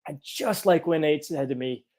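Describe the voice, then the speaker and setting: A chiropractor in his fifties telling a personal story in an animated, earnest way. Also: fairly high pitch, moderate pace. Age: 50s.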